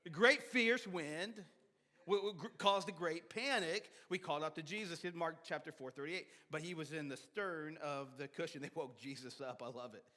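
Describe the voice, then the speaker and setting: A man preaching a sermon as pastor, animated, with sudden shouts and soft drops, often repeating and restarting words. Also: fairly high pitch, normal speed. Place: church sanctuary. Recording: long hall reverb of a church sanctuary.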